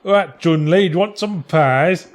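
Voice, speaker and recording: A man's voice: fairly high pitch, fairly quick, voice pushed up, lightly acted. A man putting on a cheeky, chummy English bloke.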